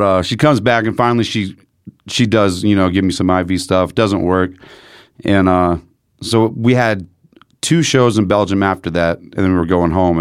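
A man's voice: deep voice, clear, resonant tone, no echo, studio quality. A man telling profane stories in casual chat, acting out what people said. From United States. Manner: profane, animated storyteller acting out quotes. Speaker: podcast guest. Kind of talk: casual storytelling.

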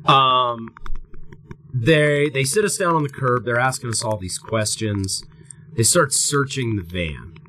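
A man's voice: medium pitch, lively intonation, measured pace, sharp tone, slight background noise, low-quality recording. A man co-hosting a podcast, telling a long story in a casual, rambling, profane way and acting out what people said. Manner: rambling, profane, acts out quotes. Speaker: podcast co-host.

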